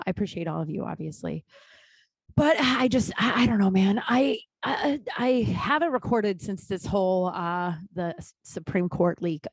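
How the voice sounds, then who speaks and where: A woman's voice: lowish voice, dry recording. Blunt, profane woman podcaster. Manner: blunt, swears freely, rambling with many restarts. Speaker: podcast host. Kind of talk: casual solo monologue. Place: small closet at home.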